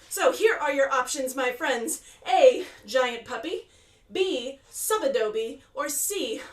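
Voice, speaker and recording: High-voiced playful woman on a video call. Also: reverberant, recorded from a distance. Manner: playful, chatty, directing the audience. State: out of breath. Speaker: performer and host. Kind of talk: live virtual show hosting.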